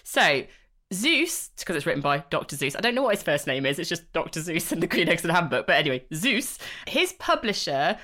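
A woman co-hosting a casual book chat, explaining ideas through lively examples. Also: sits low, quick pace, few pauses. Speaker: podcast co-host. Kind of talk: casual chat about books.

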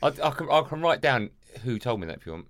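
A man's voice: medium pitch, sing-song, fast, fairly bright tone. A man hosting a podcast, telling crude joking stories in casual chat. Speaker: podcast host.

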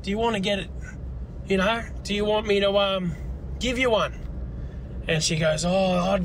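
A man's voice: high-pitched, fairly even intonation, normal speed, long pauses, slight background noise. An Australian man calling in and telling a crude, rambling joke as a voice message. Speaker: caller.

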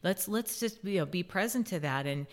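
A middle-aged woman with a low-pitched voice co-hosts a casual podcast. She speaks earnestly, drawing on stories about her own children. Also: lively intonation, normal speed. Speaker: podcast co-host.

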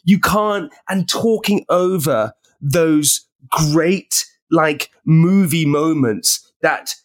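An excitable man in his thirties from England chats as a podcast guest. His voice sits a little high, and his stories jump around animatedly, punctuated by bursts of laughter. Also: drawn-out words. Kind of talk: casual chat.

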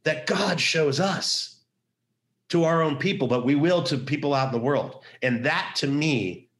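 A man's voice: on the high side, measured pace. Earnest middle-aged man telling a story. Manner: earnest, emphatic, repeats key phrases. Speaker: pro-life activist guest. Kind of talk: personal storytelling in a podcast interview.

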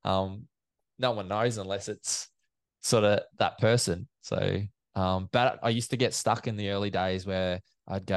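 A man, an event MC chatting in an interview as a lively storyteller, with many fillers and restarts. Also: sits low, unhurried, dry recording. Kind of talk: casual interview chat.

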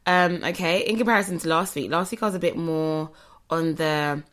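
A woman's voice: low-pitched, normal speed, a bit bright. A young woman co-hosting a podcast, chatting casually and searching for words. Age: young adult. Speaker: podcast co-host. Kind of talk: casual chat.

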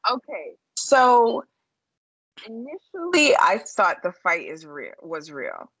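A woman's voice: a little high, big pitch swings, slow pace, a bit bright, slightly rough, no echo. A woman with a New York accent co-hosting a casual chat, blunt and profane with lots of fillers. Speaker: podcast co-host. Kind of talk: casual chat about reality TV.

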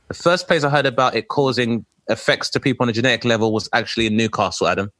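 A man's voice: mid-range voice, fast, fairly bright tone, no room sound. A man hosting a comedic podcast chat, swearing freely and laughing often. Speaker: podcast host.

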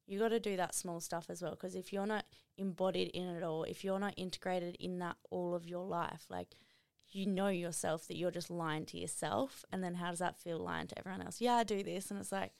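A young adult woman, a podcast guest and coach, talking in an energetic, emphatic casual chat full of "like". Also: on the low side, fairly quick, vocal fry, clean tone, dry recording, clean studio sound. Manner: energetic, emphatic, many fillers like "like". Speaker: podcast guest, running coach and motivational speaker.

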